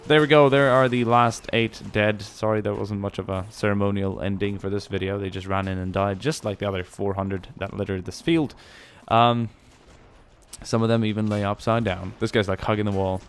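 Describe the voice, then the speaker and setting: A man's voice: on the low side, fairly even intonation, moderate pace, a little hiss or hum. A man giving casual, rambling gameplay commentary, musing aloud and swearing now and then. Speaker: gaming channel host.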